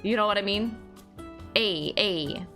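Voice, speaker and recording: A woman's voice: medium pitch, unhurried, bright, forceful tone, faint music behind. A young woman streaming, chatting casually with her viewers, rambling with lots of fillers and laughing as she goes. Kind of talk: casual chat reading chat aloud.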